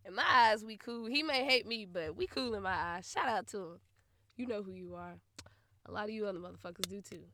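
A woman's voice: on the high side, pushed and bright, dry recording. A young woman ranting casually about an old flame, blunt and profane, often laughing, recorded close and dry. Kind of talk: casual storytelling rant.

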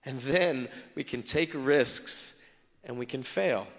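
A man, a pastor, preaching a sermon in a conversational, animated way with acted asides. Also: medium pitch, slow, creaky, long reverb tail.

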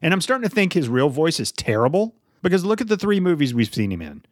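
A man's voice: on the high side, sing-song, fast, no echo, clean studio sound. A man co-hosting a casual movie review podcast, blunt and sarcastic, swearing freely. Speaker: podcast co-host.

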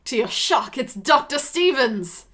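A woman's voice: high-pitched, big pitch swings, unhurried, fairly bright tone, slight background noise. A woman narrating a tabletop game as the game master, describing scenes with light humor.

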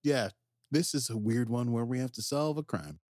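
A man co-hosting a podcast, recapping episodes in casual, animated chat. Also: medium pitch, moderate pace, no echo, studio quality. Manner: animated, jumps into quoted character voices. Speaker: podcast co-host.

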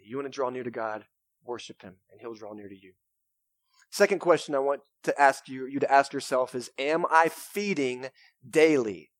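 A young man, preaching a sermon in a casual, energetic way with lots of "right?" and "man". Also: mid-range voice, no room sound, studio quality. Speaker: pastor. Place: church sanctuary.

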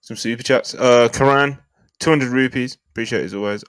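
A man's voice: medium pitch, a little fast, a bit bright, clean tone, no room sound. A man co-hosting a podcast in casual chat and reading out viewer messages in a laid-back way. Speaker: podcast co-host.

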